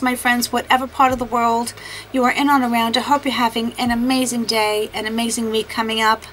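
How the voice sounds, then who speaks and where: Chatting casually through her makeup vlog, this woman keeps apologizing and being hard on herself as she addresses the camera. She speaks at a fairly high pitch with a slightly bright tone, and the low-quality audio carries slight background noise.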